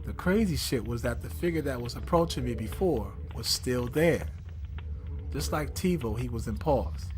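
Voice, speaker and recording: Animated slangy man telling a story. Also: mid-range voice, noisy background. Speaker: podcast host. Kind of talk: storytelling with live chat.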